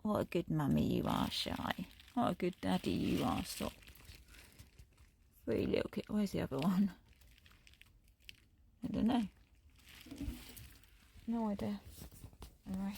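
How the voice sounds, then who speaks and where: Slow, gravelly woman cooing to kittens. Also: expressive, a little mellow, slight background noise. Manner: coos and sing-songs to the kittens in high pitched baby talk. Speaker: vlogger. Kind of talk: casual chat to stray cats.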